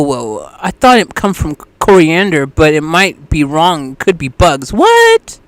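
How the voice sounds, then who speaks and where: Rambling, animated live-stream host. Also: medium pitch, dry recording. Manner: rambling, animated storytelling with restarts. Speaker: livestream host. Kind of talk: casual live-stream chat.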